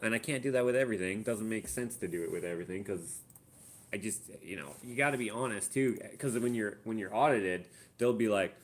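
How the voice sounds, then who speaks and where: Speaking at a normal speed with a fairly low pitch, a Canadian man runs a casual live Q&A from his home art studio. He mutters and thinks aloud as he looks things up and calculates sums.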